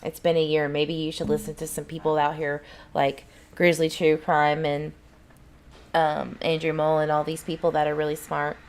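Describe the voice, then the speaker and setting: A woman's voice: deep voice, monotone, normal speed, darkish tone. A woman, hosting a casual livestream and chatting back to viewers' comments in a rambling way. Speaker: channel host.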